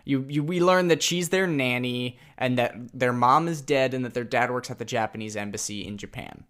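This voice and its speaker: A man's voice: mid-range voice, moderate pace, a bit bright, clean tone. A man co-hosting a podcast, chatting playfully and finishing his partner's sentences while recapping an audio drama. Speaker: podcast co-host. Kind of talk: casual chat reviewing an audio drama.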